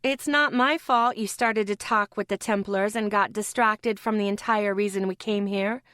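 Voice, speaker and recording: A kind pregnant healer, as a woman reads her talks gently with a teasing edge, at a middle pitch. The audiobook recording is dry and close. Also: steady tone, moderate pace, no room sound, natural voice. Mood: gentle teasing.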